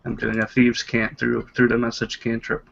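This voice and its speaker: Flat, gravelly man playing a game character. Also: medium pitch, moderate pace, muffled recording. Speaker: player. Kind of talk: describing his character in a tabletop game.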